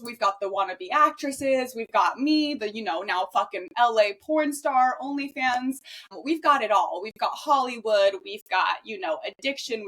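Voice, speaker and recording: A woman in her twenties hosting a podcast, talking fast and swearing freely in a casual monologue. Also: fairly high pitch, a bit bright. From Los Angeles, US. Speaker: podcast host.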